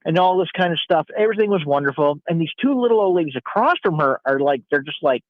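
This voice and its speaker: A male caller, a Navy veteran, tells a meandering story full of restarts and asides. His voice is a little high and comes through a thin phone line, dry and close. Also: expressive, quick pace, no echo. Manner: rambling storyteller with many restarts. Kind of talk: casual chat.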